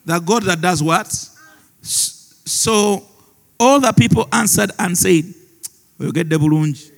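A male pastor preaches slowly in a high, gravelly voice. He breaks into laughter often and slips Luganda phrases into his sermon. His voice rings out with the long reverb of a large church hall.

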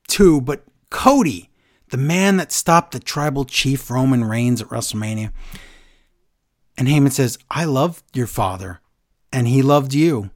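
A man casually chatting as a podcast co-host, retelling a story with lively reactions. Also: medium pitch, measured pace. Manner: animated storyteller, quoting others in a flat retelling voice. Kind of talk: casual chat, recapping a wrestling segment.

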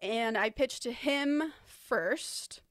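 A woman's voice: fairly high pitch, extremely slow, a bit bright, no room sound, clean studio sound. A woman co-hosting a podcast, chatting casually about her work and laughing easily. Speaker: podcast co-host.

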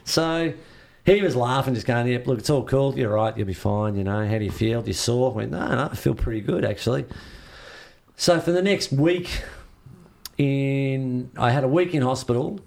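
A man's voice: medium pitch, normal speed, creaky. A man in an interview, casually telling a story and acting out what others said to him. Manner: lively, acts out what others said. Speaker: interview guest.

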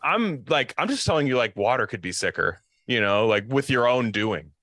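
Young male podcast co-host, bright crisp tone, dry close sound, loose and profane delivery. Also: mid-range voice, fairly quick, no room sound. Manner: loose, profane, animated storytelling. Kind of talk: casual chat.

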